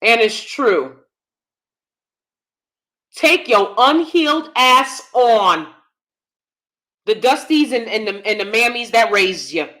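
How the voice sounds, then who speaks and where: A woman hosts a live-stream commentary. She talks bluntly and emphatically, repeating her points. Her voice is bright and forceful, sitting fairly high. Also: animated, takes it slowly, long pauses. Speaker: commentary channel host.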